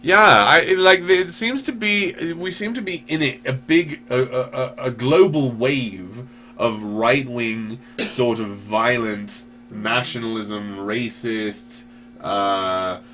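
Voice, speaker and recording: A man's voice: medium pitch, slow pace, fairly bright tone. A man hosting a show, answering viewer questions in a rambling, profane, self-deprecating way. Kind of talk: casual chat.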